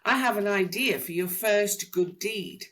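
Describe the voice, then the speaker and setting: A woman voicing a cheerful, kind little male storybook character, with a bright, lilting delivery. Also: mid-range voice, a little slow, voice pushed up. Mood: eager.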